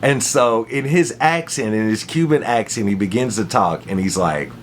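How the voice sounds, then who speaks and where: A man's voice: lowish voice, normal speed, slight background noise. A man hosting a casual fight recap, telling the story with slang and repeated phrases. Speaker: MMA commentary host.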